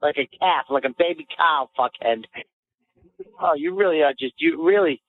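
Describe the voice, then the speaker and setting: A man co-hosting a podcast, telling boastful stories in animated, casual banter and quick to get riled. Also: a little high. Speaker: podcast co-host. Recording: phone-like lo-fi audio.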